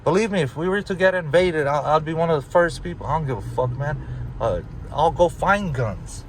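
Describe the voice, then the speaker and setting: A man's voice: on the high side, expressive, a little fast, a little hiss or hum, poor audio. A man in his thirties from Los Angeles, ranting casually and profanely to camera, rambling and repeating himself for emphasis. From Los Angeles, United States. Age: 30s. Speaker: vlogger.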